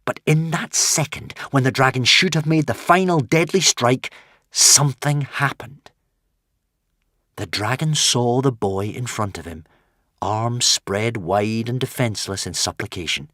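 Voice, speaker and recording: A man narrating a fantasy audiobook in an expressive, dramatic way. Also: on the low side, dry recording, clean studio sound. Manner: dramatic, varied delivery.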